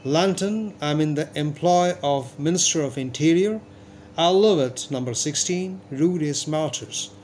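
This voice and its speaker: A stammering, bewildered widowed clerk, his voice sitting a little high, as a male narrator reads him. He talks hesitantly and anxiously. A faint hiss sits beneath him. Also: a little slow, darkish tone, natural voice.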